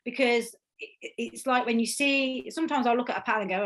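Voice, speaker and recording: A woman's voice: on the high side, quick pace, rough recording. A woman chatting as an interview guest, talking enthusiastically with many restarts and laughs. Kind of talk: casual chat.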